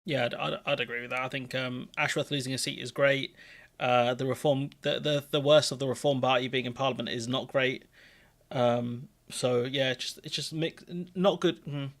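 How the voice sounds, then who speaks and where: A man co-hosting a live stream, chatting casually and giving relaxed, opinionated political commentary. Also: mid-range voice, moderate pace.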